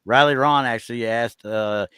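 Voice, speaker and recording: A man's voice: medium pitch, normal speed, pushed and bright, smooth, no room sound. A male co-host of a live interview, mostly giving brief encouraging replies and relaying questions. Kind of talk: casual interview.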